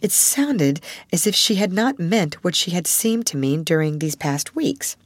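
A woman narrating a classic novel aloud with an expressive storytelling cadence. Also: fairly low pitch, measured pace, slightly rough, dry recording. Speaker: audiobook narrator.

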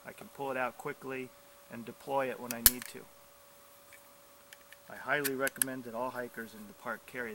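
A middle-aged man with a bright, forceful voice gives calm, clear safety instruction outdoors on a trail. He speaks as a park biologist teaching hikers, and a faint outdoor ambience sits behind him. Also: medium pitch, slight background noise, rough recording.

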